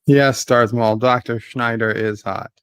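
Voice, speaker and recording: A man's voice: medium pitch, steady tone, measured pace, a bit bright, smooth, no room sound. A man hosting a live movie watch-along stream, chatting casually and reading viewer messages aloud while still getting over an illness. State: recovering from illness.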